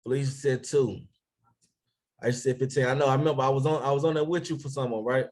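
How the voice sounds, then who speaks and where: A man running a team training on a live stream as a business coach, energetic, asking viewers for comments and shouting out names. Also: mid-range voice, quick pace.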